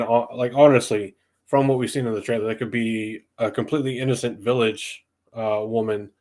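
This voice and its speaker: Speaking in a slightly mellow voice on the low side, this podcast host is a young man from the southeastern US. He chats casually on a livestream, working through his thoughts aloud with many ums and false starts.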